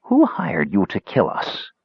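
A man voicing a frail young male mage who talks in a soft, whispering, cool way. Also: on the low side, wildly swooping pitch, a little slow, creaky, slightly rough, no room sound, muffled recording, heavily acted. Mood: cold.

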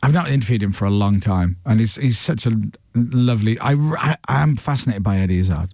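A man hosting a radio breakfast show, telling stories in a chatty, animated way into a studio microphone. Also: lowish voice, dry recording. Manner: chatty storyteller, quick and animated. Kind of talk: casual studio chat.

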